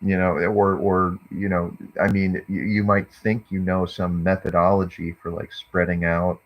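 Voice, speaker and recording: Slow, husky, deep-voiced man musing. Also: level tone. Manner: meandering, hesitant, lots of fillers. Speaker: vlogger. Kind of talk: rambling monologue. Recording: dull lo-fi recording.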